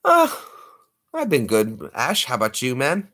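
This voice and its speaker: A man's voice: mid-range voice, wildly swooping pitch, a little slow, sharp tone. A man hosting a late-night livestream, chatting with viewers in a playful, joking way. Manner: playful, jokey, slips into put-on accents. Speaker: livestream host.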